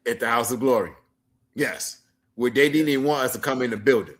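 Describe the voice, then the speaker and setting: A male co-host in casual chat, talking in a loose, halting way and laughing easily. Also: mid-range voice.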